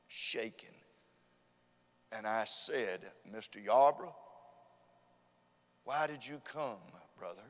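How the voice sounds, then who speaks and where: A man preaching a revival sermon with fervent, repetitive emphasis that rises to loud urging. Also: mid-range voice. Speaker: visiting preacher. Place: church sanctuary. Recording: long church hall reverb.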